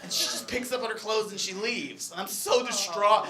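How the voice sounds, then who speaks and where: A young man performing a stand-up comedy set, telling a story with animated energy and shouted punchlines. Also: high-pitched, fairly quick. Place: comedy club stage. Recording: live crowd audible. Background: audience laughter.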